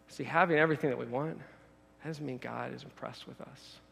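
A man's voice: medium pitch, gravelly. A man preaching a sermon in a conversational way, often repeating his words and acting out quoted voices. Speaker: pastor. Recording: long hall reverb.

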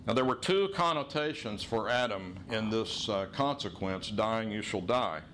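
A middle-aged man preaching a sermon as pastor, teaching in an earnest tone and slowing to stress key phrases. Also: on the low side, lively intonation, a bit bright, slight background noise.

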